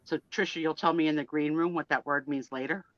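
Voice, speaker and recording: A woman hosting a casual live chat, animated and laughing, given to dramatic outbursts. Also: low voice, quick pace, no room sound, highs cut off. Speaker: host.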